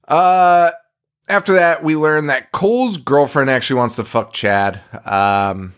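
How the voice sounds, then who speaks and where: A man's voice: a little high, a little slow, a bit bright, smooth. A man co-hosting a podcast, recapping a horror movie in casual chat, swearing freely and laughing between lines. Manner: profane, laughing, sarcastic recapping. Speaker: podcast co-host.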